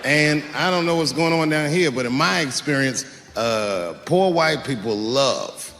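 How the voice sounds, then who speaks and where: A male stand-up comedian telling stories on a handheld mic, swinging into loud acted-out outbursts, live in a large arena with the audience laughing. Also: medium pitch, animated, unhurried, hardly any pauses, in a large hall, background noise. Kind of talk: stand-up routine. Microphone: handheld stage mic. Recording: live arena with roaring crowd.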